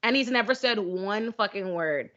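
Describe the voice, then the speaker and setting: A young woman, telling stories in a casual podcast chat, animated and laughing, heavy on slang. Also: medium pitch, moderate pace, lo-fi sound. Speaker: podcast guest.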